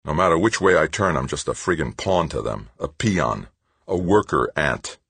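A man's voice: very deep voice, expressive, moderate pace, creaky, fairly bright tone, slightly rough, dry recording, heavily acted. A man doing a grumbling, resentful worker. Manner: grumbling, muttering to himself. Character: resentful frustrated male worker.

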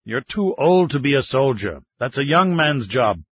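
A plain-spoken mining chief, as a male narrator voices him, firm and reasoning. The voice is husky and mid-pitched, in a dry, slightly dull recording. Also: sing-song, moderate pace, dry recording. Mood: urging. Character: middle-aged male mining company chief. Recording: dull, slightly muffled audiobook sound.

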